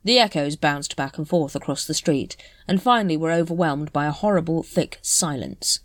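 A woman's voice: low voice, moderate pace, no echo, studio quality. A woman reading a story aloud as narrator, telling it expressively. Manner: expressive storytelling with voiced characters. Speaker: audiobook narrator. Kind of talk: scripted narration.

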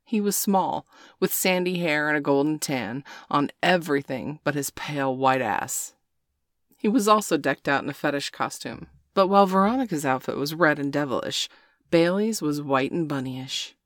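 A woman narrating a scripted erotic story in a steady, unhurried reading voice. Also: deep voice, no echo, studio quality.

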